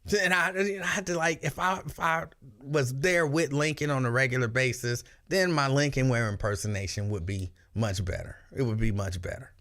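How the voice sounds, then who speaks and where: A man hosting a radio show, telling stories in casual chat and slipping into shrill impressions. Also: moderate pace. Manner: animated storyteller, breaks into shrill yelling impressions.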